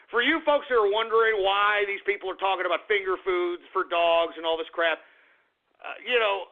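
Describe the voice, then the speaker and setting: A man hosting an internet radio show, ranting angrily about politics, shouting and swearing, then reading out listener shout-outs. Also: high voice, steady tone, normal speed. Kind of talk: heated political talk radio rant. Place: home office. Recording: tinny phone-like internet radio audio.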